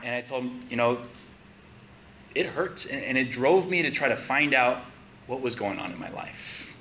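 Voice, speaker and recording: A man's voice: medium pitch, normal speed, sharp tone, a little hiss or hum. A man preaching a conversational sermon, building to emphatic questions.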